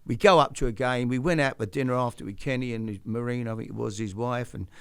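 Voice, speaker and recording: A man's voice: medium pitch, fast talker, vocal fry, fairly bright tone, clear, resonant tone, no room sound, studio quality. An older man hosting a show, telling a rambling anecdote in casual chat and acting out the voices he quotes. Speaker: host.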